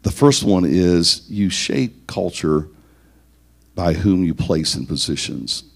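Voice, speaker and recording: A man with a very low, deep voice gives a leadership teaching talk to church leaders. He counts off his points one by one. He poses questions to his listeners and often repeats a word as he goes. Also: animated, slow pace, vocal fry. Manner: lists numbered points, asks rhetorical questions, repeats words.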